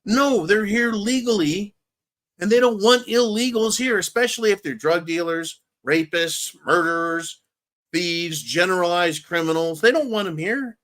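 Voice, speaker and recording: Male host, slightly high voice, blunt and profane, rambling political commentary. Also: a little slow, fairly bright tone. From California, USA. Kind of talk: political commentary, answering viewer questions.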